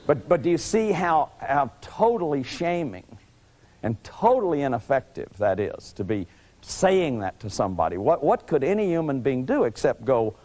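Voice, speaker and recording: A man in his fifties giving a lively lecture, acting out little scenes and restarting sentences with repeated words. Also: mid-range voice. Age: 50s. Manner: animated, acts out little scenes with sudden shouts and growls. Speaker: lecturer on family therapy.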